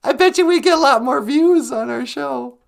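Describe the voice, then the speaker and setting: Man doing a squeaky giggly sidekick. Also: moderate pace, creaky. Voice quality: high, squeaky voice.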